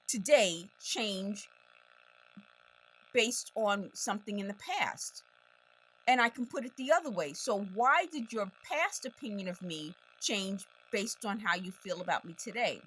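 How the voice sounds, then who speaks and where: A woman's voice: medium pitch, animated, a little slow, fairly bright tone. A woman from the United States talking straight to camera in a casual monologue, insistent and repeating her points, her voice strained from talking over noise. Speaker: video blogger.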